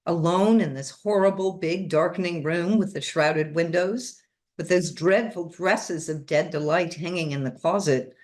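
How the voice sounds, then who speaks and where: A woman reading a chapter of a novel aloud, with steady, expressive storytelling. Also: low voice. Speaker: reader.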